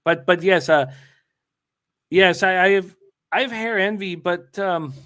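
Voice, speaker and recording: A young man co-hosts a sports betting watch party, chatting loosely with constant fillers and restarts. His voice sits a little high. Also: unhurried, a bit bright. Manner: rambling, frequent fillers and restarts. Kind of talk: casual chat.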